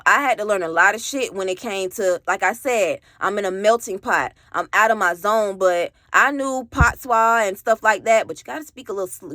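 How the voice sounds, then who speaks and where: Bright-voiced young woman telling a story. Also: mid-range voice, no echo. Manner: rambling, frequent "like" and swearing, candid. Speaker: vlogger telling her own story. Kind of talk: casual storytime monologue.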